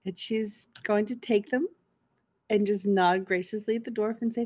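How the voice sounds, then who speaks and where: A woman playing a tabletop game who describes her character's actions with quick, lively asides. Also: mid-range voice, dry recording. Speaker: player. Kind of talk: casual tabletop game chat.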